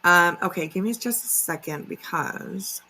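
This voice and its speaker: A woman's voice: lowish voice, measured pace, pushed and bright, poor audio. A woman hosting a casual livestream, chatty and filler-heavy, greeting viewers by name. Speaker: livestream commentary host.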